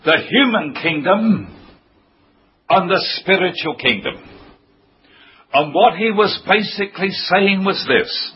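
A man preaching a sermon, emphatic and declaiming key phrases loudly. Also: mid-range voice, lively intonation, slow pace. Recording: dull lo-fi sound with faint noise.

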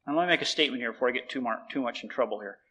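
A man preaching a sermon, telling a story and acting out both sides of the conversation in an animated way. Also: medium pitch, racing, breathy edge, rough recording.

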